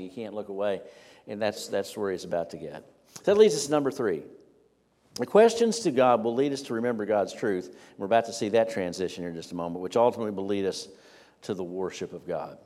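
A man's voice: fairly low pitch, darkish tone. Man preaching in a reverberant church. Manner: rhetorical questions, conversational asides. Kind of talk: sermon. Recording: long hall reverb.

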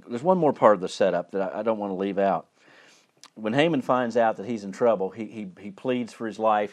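A male preacher giving a sermon, retelling a Bible story in a casual, conversational way and often restarting and repeating words. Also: fairly low pitch.

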